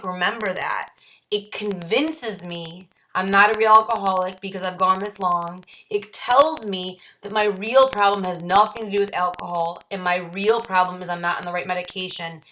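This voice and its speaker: A woman with a Midwestern American accent guides a book study with a bright, clear voice. She reads short passages aloud, then explains them in her own words. Key phrases get repeated slowly for weight. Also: mid-range voice, rough recording. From United States. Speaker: study group leader. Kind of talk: reading and explaining a recovery text.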